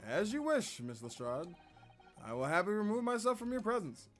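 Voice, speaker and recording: A man's voice: high voice, sing-song, fairly quick, soft background music, voice pushed up. A man voicing a haughty, theatrical male detective with a grand, pompous delivery.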